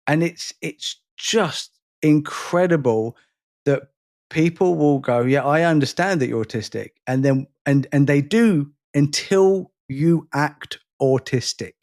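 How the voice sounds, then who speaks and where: A man co-hosting a podcast, speaking emphatically and venting his frustration at length in casual conversation. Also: on the high side. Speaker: podcast co-host.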